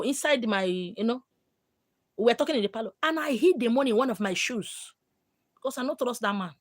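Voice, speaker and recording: A Nigerian woman speaks to her live-stream viewers in a frank, storytelling way. Her voice sits somewhat high and moves a lot in pitch. She slips into pidgin and acts out what others said. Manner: animated, mixing in pidgin, acting out quotes.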